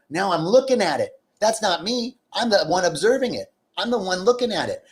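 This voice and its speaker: A middle-aged man giving a talk on acceptance as a spiritual teacher, earnest and repetitive, his voice leaping up for emphasis. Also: medium pitch.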